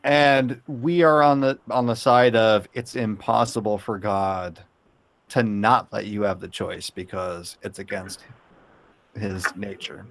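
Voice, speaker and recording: Low-voiced man in casual chat. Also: fairly even intonation, slow.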